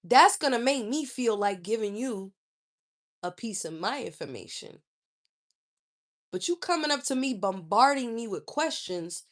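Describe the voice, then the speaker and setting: A woman in her thirties from Charlotte, a YouTuber ranting in a blunt, profane, animated way. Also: on the high side, moderate pace. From Charlotte, North Carolina. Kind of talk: casual storytelling rant.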